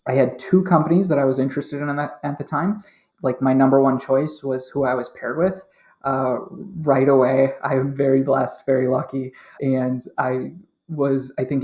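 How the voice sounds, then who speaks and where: A man's voice: mid-range voice, a little mellow. Chatty man in a roomy echo. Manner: candid, chatty, laughs easily. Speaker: interview guest, sales manager. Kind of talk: casual interview chat.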